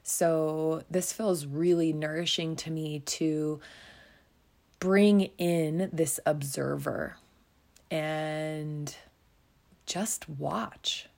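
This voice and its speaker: Slow, gravelly-voiced woman giving soothing encouragement. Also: deep voice, fairly even intonation, a little mellow. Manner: slow, soothing and encouraging, dropping to a whisper at times. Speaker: podcast host. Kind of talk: reflective self-help talk.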